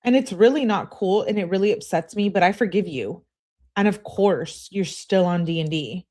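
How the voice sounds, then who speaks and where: A woman's voice: medium pitch, lively intonation, normal speed, a little mellow, lightly acted. A woman reading aloud as an upset teenage girl, clingy and indignant, complaining in an exasperated way. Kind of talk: reading text messages aloud.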